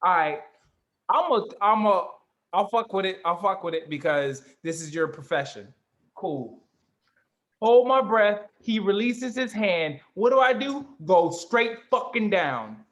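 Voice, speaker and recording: A man telling a story in casual chat, animated and profane, acting out the people in it. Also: sits high, measured pace. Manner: animated storyteller, swearing, acts out other voices. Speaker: co-host.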